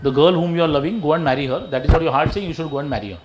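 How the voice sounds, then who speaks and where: Indian English male speaker, anecdotal lecture style, quick, faint background noise. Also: on the high side, lively intonation, dull audio. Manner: storytelling, repeats and restarts phrases. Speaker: speaker at a health talk. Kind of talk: public talk with anecdotes. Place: lecture room.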